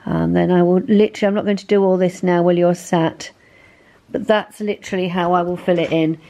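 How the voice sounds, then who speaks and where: A woman with a slightly low voice chats through her sewing projects and plans. She rambles a little and pokes fun at herself, like a friendly home vlogger recording on her phone. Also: fairly even intonation, brisk, vocal fry, warm tone. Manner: chatty, rambling, self-deprecating. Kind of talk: casual vlog chat.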